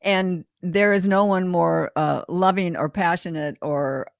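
Low-voiced woman host, halting. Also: steady tone, vocal fry, no echo, clean studio sound. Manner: halting, with frequent restarts and fillers. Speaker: TV show host. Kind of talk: conversational interview.

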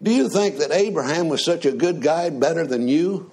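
A man preaching a sermon in a slow, conversational way, often asking the congregation questions. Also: on the high side, animated, darkish tone, breathy edge.

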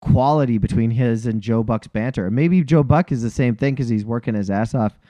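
A man's voice: medium pitch, moderate pace, mellow, no echo. Forties male podcast co-host, rambling casual chat, dead-dry mic. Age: 40s. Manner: rambling, heavy on fillers and laughs.

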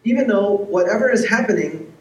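A man's voice: high voice, lively intonation, a little fast, slight background noise. A man preaching a sermon who tells stories and acts out the dialogue in them. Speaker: pastor. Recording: echoey room, heard from far off.

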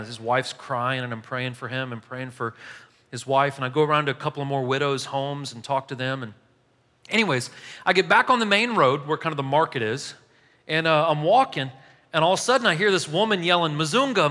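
Casual storytelling pastor, man, bright tone, somewhat high voice, long hall echo. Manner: casual, animated, laughs while telling stories. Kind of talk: sermon storytelling. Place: church hall. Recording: echoey hall.

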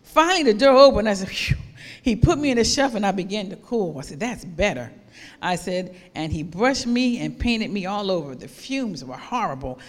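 A woman's voice: medium pitch, expressive, moderate pace, close to an everyday voice. A suffering talking teacup tells its story in a pleading, dramatic voice, as a woman preacher reads it out. The sound carries a long hall reverb.

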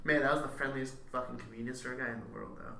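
A man's voice: medium pitch, fairly even intonation, fast, creaky, pushed and bright, slight background noise. A man in casual podcast chat, swearing often and laughing a lot. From Canada. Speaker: podcast co-host. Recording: echoey room with crowd behind.

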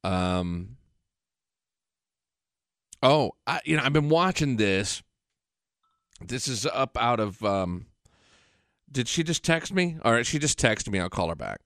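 A man's voice: mid-range voice, sing-song, slow, long pauses, a bit bright, no room sound. Rambling, swearing male radio host. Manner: rambling, profane, conversational. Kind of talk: casual radio monologue. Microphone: radio studio mic. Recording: dry close studio sound.

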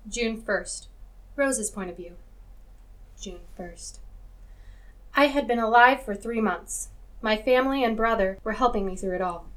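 A woman's voice: a little high, brisk, a bit bright. A woman reading a fan story aloud as a dramatic performance. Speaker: fanfiction reader.

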